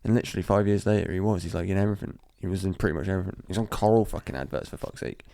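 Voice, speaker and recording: A man's voice: deep voice, very fast, vocal fry, warm tone, no room sound. A man co-hosting a podcast, laid-back and sweary, calling his friend mate. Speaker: podcast co-host. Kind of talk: casual chat.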